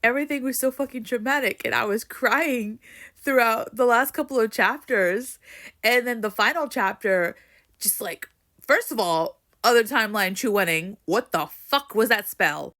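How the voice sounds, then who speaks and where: A woman's voice: a little high, moderate pace, a bit bright. A young woman ranting emotionally about a book in a casual vlog, swearing and rambling with lots of "like". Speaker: book vlogger.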